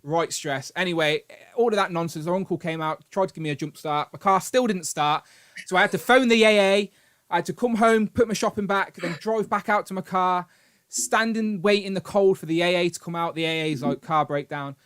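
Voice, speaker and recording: A British man hosting a live stream, telling a long story in an animated, rambling way with grumbling asides. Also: high-pitched, a little fast, smooth. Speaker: host. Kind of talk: casual live-stream chat.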